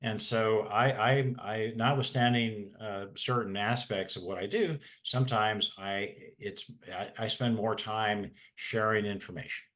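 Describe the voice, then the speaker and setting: A man's voice: on the low side, steady tone, a little slow, hardly any pauses, fairly bright tone. A man, a special education advocate, talking in a folksy, rambling way with many restarts. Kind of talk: casual webinar talk.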